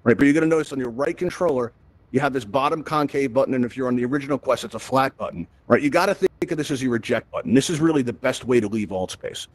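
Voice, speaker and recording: Fast-talking upbeat man from Brooklyn. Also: medium pitch, no room sound. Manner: chatty and upbeat, tags lines with "right?". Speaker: event host and VR instructor. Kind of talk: live presentation to a virtual audience.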